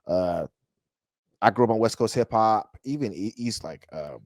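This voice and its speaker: A man's voice: lowish voice, animated, normal speed, darkish tone, no room sound. A man hosting a casual music reaction, chatty and loose, talking straight to his viewers with lots of restarts. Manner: loose and chatty, with many restarts and hype phrases.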